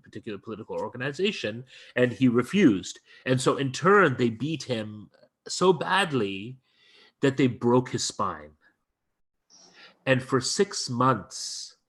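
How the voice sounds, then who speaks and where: Guy guest on an interview, earnest storyteller, mid-pitch voice, keeps restarting and pushing on. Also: a bit bright. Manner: earnest, emphatic retelling with frequent restarts. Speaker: guest lecturer.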